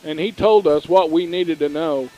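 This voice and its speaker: High-voiced folksy man telling stories. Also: normal speed, dull audio. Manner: folksy, animated storyteller. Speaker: radio sports co-host. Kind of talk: casual storytelling.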